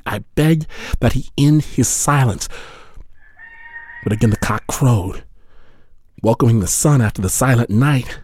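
A man narrating a dramatic story in a measured, grave voice with dramatic pauses. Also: medium pitch, a little mellow, slightly rough.

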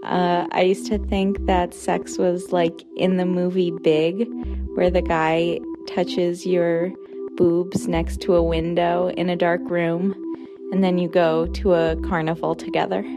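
A woman from Brooklyn calling in to tell a childhood misconception, in a slow, even way. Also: lowish voice, music in the background. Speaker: caller.

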